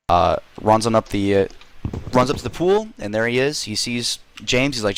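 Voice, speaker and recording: A man's voice: lowish voice, animated, fairly quick, a little hiss or hum. A man telling a rambling, silly story to friends in a game voice chat, full of fillers and swearing.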